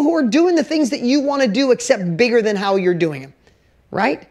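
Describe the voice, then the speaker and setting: A woman's voice: a little high, lively intonation, moderate pace, a little mellow. A woman coaching a room of course members through a motivational talk. Her delivery is punchy and emphatic, and she keeps firing rhetorical questions straight at her listeners. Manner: speaks directly to listeners. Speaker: business coach.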